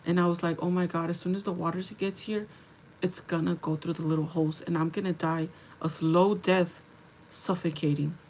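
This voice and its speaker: Gravelly-voiced woman telling a story casually. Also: fairly low pitch, normal speed, a little hiss or hum, poor audio. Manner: chatty, animated, lots of "like". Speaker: livestreamer.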